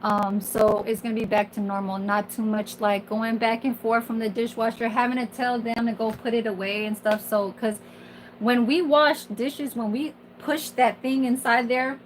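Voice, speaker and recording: A woman's voice: a little high, steady tone, moderate pace, a little hiss or hum, rough recording. A woman in her forties, a kitchen worker, venting in a casual, rambling monologue full of fillers and swearing. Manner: candid, profane, rambling with many fillers.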